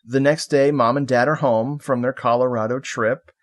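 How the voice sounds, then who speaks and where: This mid-range male voice belongs to a podcast co-host recapping a film on a video call. His delivery is loose and laughing, with scenes retold through quick, playful quoted lines.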